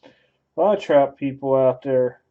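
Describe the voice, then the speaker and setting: The audio sounds like it came through a phone: a man with a mid-range voice and moderate pace hosts a card break. He keeps up a laid-back, offhand commentary, thinking aloud while opening packs.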